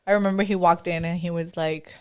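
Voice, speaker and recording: A young mother co-hosting a podcast, chatting in a relaxed, filler-heavy way and asking questions. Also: on the low side, fast, clear, resonant tone. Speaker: podcast co-host. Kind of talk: casual chat.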